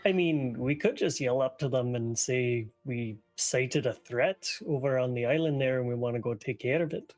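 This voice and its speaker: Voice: mid-range voice, normal speed, few pauses, darkish tone, soft background music. A player in a tabletop game, easygoing and chatty while rolling dice. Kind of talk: casual tabletop play.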